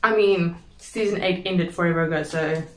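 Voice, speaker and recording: A woman's voice: lowish voice, moderate pace, fairly bright tone. A woman hosting a casual chat, talking in a playful, chatty way and often checking in with "okay?". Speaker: host. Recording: echoey room.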